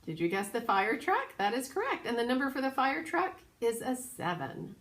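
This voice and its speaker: A woman teaching a children's piano lesson, patient and clear, now and then singing solfege syllables. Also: fairly high pitch, big pitch swings, normal speed, fairly bright tone. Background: piano playing.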